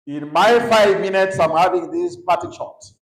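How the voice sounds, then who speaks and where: A man's voice: high voice, normal speed, vocal fry. Kenyan man teaching in an echoey hall. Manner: prompts the audience to finish his sentences; mixes English with Swahili phrases. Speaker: youth conference speaker. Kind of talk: teaching a session to a youth audience. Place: large echoey conference hall.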